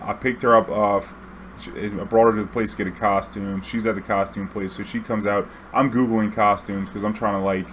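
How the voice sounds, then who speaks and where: Man with a low voice, casual rambling storyteller, swears a lot, acts out quotes, faint hum behind. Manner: rambling, profane, full of fillers and acted-out quotes. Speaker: YouTube storyteller.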